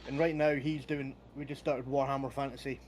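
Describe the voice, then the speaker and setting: A man's voice: medium pitch, little pitch movement, fairly quick, darkish tone, slight background noise. Chatty man telling anecdotes. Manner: chatty, anecdotal storytelling with laughs. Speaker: podcast host and game master. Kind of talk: casual chat.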